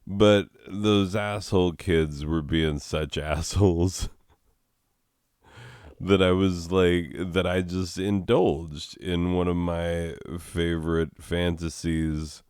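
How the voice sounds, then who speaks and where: Brief: deep, unhurried guy ranting over gameplay, swears a lot and chuckles at himself; smooth, dry close-mic sound. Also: flat delivery, darkish tone, dry recording. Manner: rambling and profane, laughing at own jokes. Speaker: schoolteacher. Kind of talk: casual gaming commentary.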